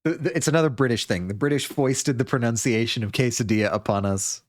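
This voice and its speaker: A man's voice: mid-range voice, fast. A man streaming a video game live, chatting casually, joking, laughing, and reading viewer messages aloud.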